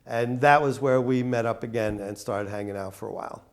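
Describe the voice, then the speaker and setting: Man, mid pitch, casual interview anecdote, lots of fillers. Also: fairly quick. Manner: casual, filler-heavy storytelling. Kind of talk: documentary interview, reminiscing.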